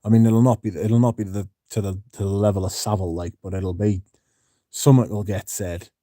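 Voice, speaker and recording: A man's voice: lowish voice, fairly even intonation, fairly quick, dark tone, no echo, clean studio sound. A man hosting a casual livestream, talking bluntly and swearing freely as he reads out and answers viewer comments. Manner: blunt and profane. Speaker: livestream host.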